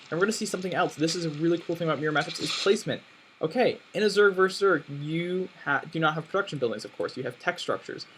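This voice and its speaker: A man's voice: on the high side, a little hiss or hum, poor audio. A young man casually commentating his own game replay, thinking aloud and restarting sentences often. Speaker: gameplay commentator.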